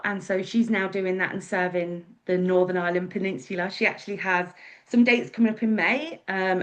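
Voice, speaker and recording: A woman with an English accent, telling her life story as a guest speaker in a chatty, meandering way with many fillers. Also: mid-range voice. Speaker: guest speaker, wedding celebrant. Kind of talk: casual storytelling talk.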